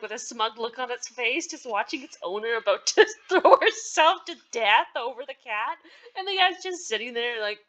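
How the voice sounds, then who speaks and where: A woman hosting a story-game playthrough with casual commentary. She is emotional and giggly and sometimes drops to a soft near-whisper. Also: high voice, poor audio. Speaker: gaming video host. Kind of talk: casual let's-play commentary.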